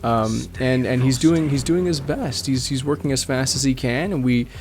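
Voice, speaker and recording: A man hosting a gaming channel rambles through a long story while giving orders in a strategy game, often laughing and breaking off mid-thought. His voice is medium-pitched at a normal speed, with game music in the background.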